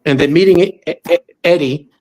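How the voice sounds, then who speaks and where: Middle-aged male storyteller guest, fairly high voice, lively, slips into quoted voices. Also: brisk. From Los Angeles. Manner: animated, acts out quoted voices. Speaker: musician guest. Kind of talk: storytelling in interview.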